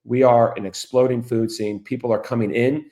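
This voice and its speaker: A man's voice: mid-range voice, little pitch movement, moderate pace, warm tone. A middle-aged man from Florida hosting a podcast, talking to listeners in a chatty monologue and throwing them rhetorical questions. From Orlando, Florida. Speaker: podcast host. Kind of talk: casual monologue.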